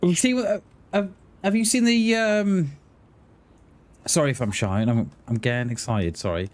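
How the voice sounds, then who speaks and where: While playing a survival game on stream, a man with a fairly high voice chats casually with viewers at a moderate pace. He rambles and keeps starting his sentences over.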